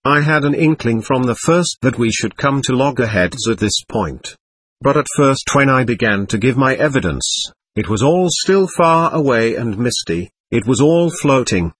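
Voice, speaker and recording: A man's voice: mid-range voice, fairly bright tone, breathy edge, no room sound. A man reading the part of a proud young man under questioning, bitter and scornful in an audiobook.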